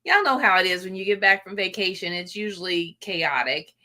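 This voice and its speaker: A woman's voice: medium pitch, lively intonation, brisk, sharp tone. A woman hosting a casual livestream, greeting viewers in a gushing, emotional way with many fillers. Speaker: livestream host. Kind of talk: casual live chat with viewers.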